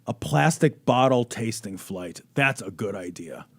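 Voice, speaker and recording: A man co-hosting a casual podcast chat, animated and swearing, with exaggerated reactions. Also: on the low side, a little slow, creaky, slightly rough. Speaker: podcast co-host.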